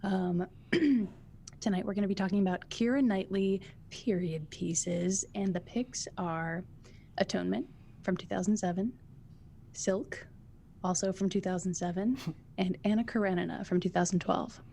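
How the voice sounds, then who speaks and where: A woman's voice: mid-range voice, normal speed, creaky, mellow, a little hiss or hum. A woman co-hosting a podcast, chatting casually and enthusiastically as she thinks aloud. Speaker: podcast co-host. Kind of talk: casual chat.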